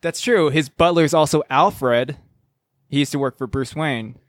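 A man's voice: a little high, unhurried. A man co-hosting a podcast in casual banter, telling jokey stories and swearing casually. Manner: joking, storytelling, swears casually. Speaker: podcast co-host.

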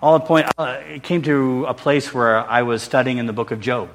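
A middle-aged pastor with a mid-range voice and little pitch movement preaches at normal speed, with slight background noise and the long reverb of a large hall. Speaking in a church sanctuary, he stays earnest and conversational, restarting sentences and making self-deprecating asides.

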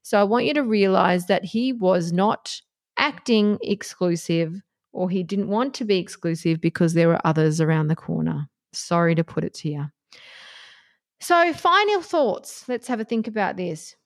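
In a casual monologue, a woman gives relationship advice bluntly and passionately, swearing freely. Her expressive voice is fairly low and moves at normal speed.

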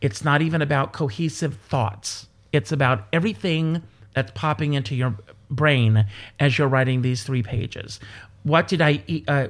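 Man, guest performer, animated storyteller, rambling casual chat, mid-range voice. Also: medium pitch. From South Carolina.

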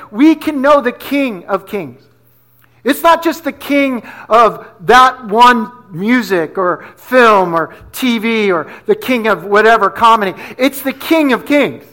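A man's voice: extremely high pitch, sharp tone. A middle-aged man from New Jersey preaching a sermon in a conversational, storytelling way, often asking "right?". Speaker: pastor.

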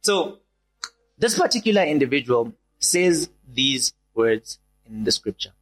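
A young man preaching a sermon, animated, repeating key lines. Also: mid-range voice, moderate pace, low-quality recording. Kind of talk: sermon to a small gathering.

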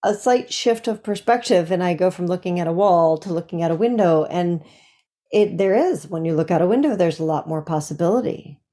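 A woman co-host with a mellow, rather low voice talks thoughtfully in a podcast chat. She explains her points through simple everyday analogies. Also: fairly quick. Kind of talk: casual podcast conversation.

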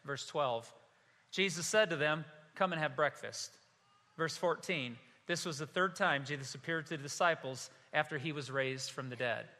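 High bright preacher guy telling a story to his church, jokey, voice echoing round a big hall. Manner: storytelling preacher, acts out dialogue with humor. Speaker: pastor. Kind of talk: sermon. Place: church sanctuary.

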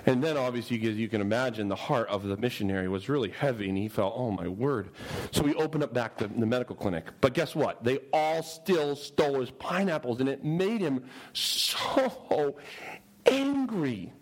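Animated, storytelling male preacher. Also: mid-range voice, normal speed, low-quality recording. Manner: animated, humorous, asks the audience questions. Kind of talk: storytelling sermon.

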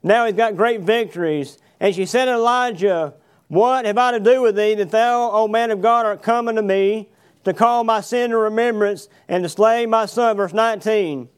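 A preacher delivers a sermon, reading Bible verses aloud and then unpacking them for his congregation. His voice sits unusually high for a man and stays smooth and resonant. He keeps asking his listeners questions like "you know what happened?". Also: normal speed. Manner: asks the congregation rhetorical questions; reads verses aloud, then paraphrases with fillers. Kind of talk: sermon reading and expounding scripture. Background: congregation answering amen.

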